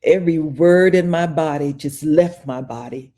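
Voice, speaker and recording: An older woman, a podcast guest, telling an animated story and acting out both sides of a phone call. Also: deep voice, normal speed. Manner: acts out the phone call, shrieks repeated exclamations.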